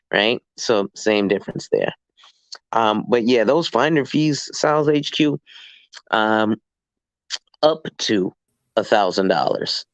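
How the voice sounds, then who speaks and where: A man, a licensed real estate agent, explaining the business in a casual chat and acting out deals in quick asides. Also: fairly low pitch, no echo, poor audio. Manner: animated, acts out dialogue in quick asides.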